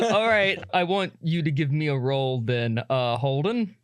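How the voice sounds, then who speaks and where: A man's voice: on the high side, smooth, dry recording, studio quality. Laughing, chatty man running a tabletop game. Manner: loose, chatty, laughs often. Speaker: game master.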